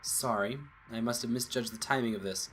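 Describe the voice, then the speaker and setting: A man's voice: medium pitch, fairly even intonation, brisk, background noise, natural voice. A man reading out the lines of an arrogant, scheming male politician villain from a visual novel, smug and condescending.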